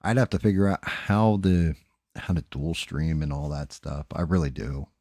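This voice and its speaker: A man with a New Jersey accent, hosting a casual live stream while painting, talking fast, rambling and swearing. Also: a bass voice, fairly even intonation, warm tone, no echo, studio quality. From New Jersey, USA.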